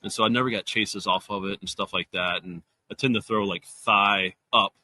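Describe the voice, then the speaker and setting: Bright, dry-sounding man explaining plainly. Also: on the low side, steady tone, moderate pace, dry recording, poor audio. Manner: plain, matter-of-fact explaining. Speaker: professional baseball pitcher, guest. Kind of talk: casual interview chat.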